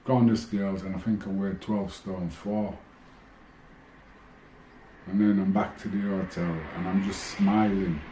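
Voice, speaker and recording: A man's voice: low voice, a little slow, long pauses, slight background noise. A middle-aged man, a former boxer casually telling fight stories and acting out old conversations. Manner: animated storyteller, re-enacting exchanges. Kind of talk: casual storytelling. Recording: echoey room with faint ambience.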